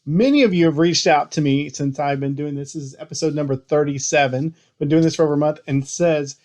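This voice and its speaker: A middle-aged man from Texas talks straight to his viewers in a casual, earnest way, sharing a business tip as a personal story. His voice sits a little high for a man. He lifts into animated bursts when he retells what he once said. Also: a little fast. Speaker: business owner giving daily tips. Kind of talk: casual motivational tips to camera.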